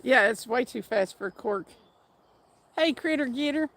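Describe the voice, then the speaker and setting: A woman's voice: on the high side, expressive, moderate pace, a bit bright. A woman hosting a fishing livestream outdoors by a stream, chatting casually, laughing often and reading out viewer names. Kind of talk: casual live-stream chat. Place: outdoors by a fast trout stream.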